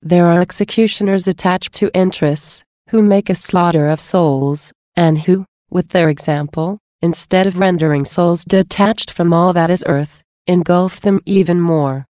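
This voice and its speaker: A woman reading the words of a grieving Jesus in a slow, solemn devotional voice. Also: fairly low pitch, mellow, no room sound, studio quality, natural voice. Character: sorrowful Jesus, a grieving divine man.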